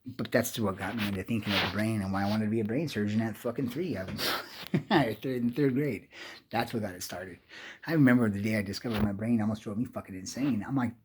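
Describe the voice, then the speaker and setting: A man in his fifties with a lowish voice rambles quickly through a personal story, swearing constantly and often restarting his sentences. His restless, meandering monologue plays over some background noise.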